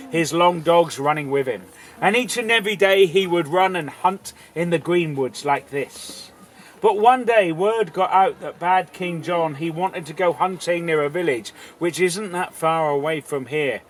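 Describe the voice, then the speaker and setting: A man's voice: on the high side, fairly bright tone, slight background noise, poor audio. A man telling a folk tale live to an audience, playful, theatrical and full of asides. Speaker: storyteller. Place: outdoor festival audience.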